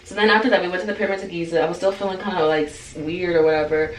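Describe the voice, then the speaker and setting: A woman's voice: on the low side, fairly even intonation, very fast. Chatty woman vlogger in a roomy space. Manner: chatty, heavy use of "like", acts out quoted dialogue. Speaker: beauty vlogger. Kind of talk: casual storytime. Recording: roomy sound, distant mic, faint noise.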